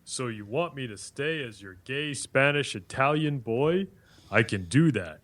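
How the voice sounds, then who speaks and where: A man's voice: medium pitch, animated, measured pace, dry recording. A man playing a stuttering, flirty AI chatbot. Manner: stuttering, soft and flamboyant. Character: flirty male AI chatbot with Spanish accent.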